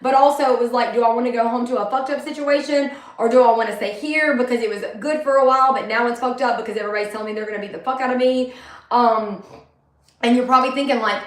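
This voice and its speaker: High-voiced woman, candid and rambling. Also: fairly even intonation, fast talker. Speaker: vlogger. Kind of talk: personal monologue. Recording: echoey room.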